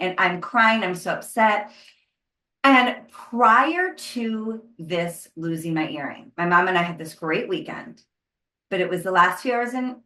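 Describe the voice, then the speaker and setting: Animated woman telling a story in an echoey room. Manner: animated storyteller, acts out her own past panic in high bursts. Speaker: podcast co-host. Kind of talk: casual storytelling chat.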